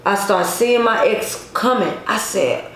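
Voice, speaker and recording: A woman's voice: medium pitch, a little slow. A woman vlogger telling a personal story to her viewers in a casual, emphatic way, with many repetitions. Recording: echoey room, faint noise.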